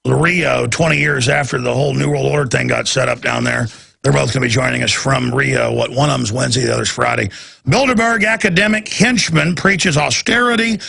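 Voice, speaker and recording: A man's voice: mid-range voice, gravelly, pushed and bright, slightly rough. A man hosting a talk show, ranting in a heated, repetitive and sarcastic way. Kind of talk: ranting talk radio monologue.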